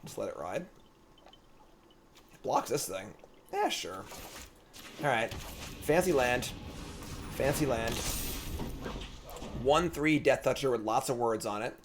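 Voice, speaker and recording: A man's voice: mid-range voice, expressive, slow, long pauses. A young man giving casual, joking commentary while he streams a card game. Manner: joking, talks to himself and the opponent. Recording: background noise.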